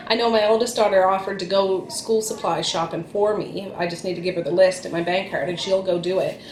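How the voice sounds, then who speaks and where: A woman's voice: lowish voice, fairly even intonation, fairly quick. A middle-aged woman, a mother chatting casually to camera at home in a rambling way, restarting her phrases. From Nova Scotia, Canada. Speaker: vlog host and mother. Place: home, indoors, with small children around. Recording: echoey room.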